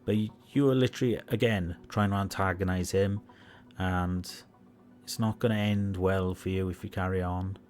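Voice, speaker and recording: In a low, darkish voice with fairly even intonation and normal speed, a man delivers sarcastic commentary on online drama over a livestream, with soft background music. He addresses the person in the clips head-on, mocking and lecturing them.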